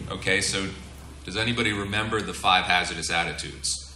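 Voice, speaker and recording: A middle-aged man teaches a room of pilots in a relaxed, joking way, often tossing questions to the audience. His fairly low voice has a very bright, forceful edge. The sound carries a roomy echo from the seminar room. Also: a little fast, a little hiss or hum. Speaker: flight instructor. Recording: echoey room.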